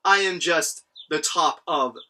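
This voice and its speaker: A proud, hugely muscled warrior speaking with lofty self-assurance, as a man puts him on while retelling a cartoon. The voice is bright and pitched a little high. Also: slow, recorded from a distance, heavily acted. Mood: haughty. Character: proud muscular male warrior, haughty.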